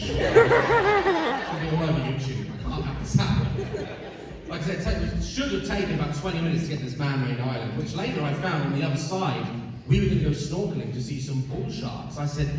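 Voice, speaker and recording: A man delivers a profane stand-up story with wildly swinging pitch, sitting a little high and peppered with "right?". He sounds far off and echoey, captured from the audience in a big hall with a long ring, and loud noise runs underneath. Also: moderate pace. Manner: animated, profane, keeps asking "right?". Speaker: comedian performing live on tour. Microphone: filmed from the audience, far from the stage. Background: audience laughter and noise.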